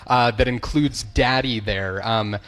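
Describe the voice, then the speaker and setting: A man, a news host and correspondent, chatting animatedly on a radio panel and quick to laugh. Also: mid-range voice, fairly bright tone.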